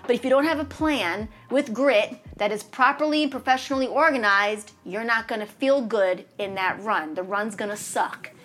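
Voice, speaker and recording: A woman's voice: a little high, moderate pace, few pauses, a bit bright, slight background noise. Emphatic woman running coach. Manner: emphatic, repetitive, self-promoting. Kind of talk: motivational podcast talk.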